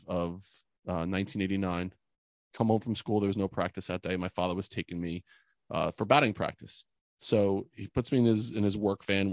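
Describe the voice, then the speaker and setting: Man, forties, podcast guest; earnest, emotional storyteller, low voice, dry close mic. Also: dry recording. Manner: earnest, emotional, many fillers like "like". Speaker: podcast guest, youth mentor. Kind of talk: personal storytelling in an interview.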